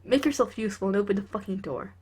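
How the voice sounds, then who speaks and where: A woman voicing a hot-tempered, swearing teenage boy with a gruff, husky delivery. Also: medium pitch, fast, close to an everyday voice. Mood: irritated. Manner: gruff, yelling insults.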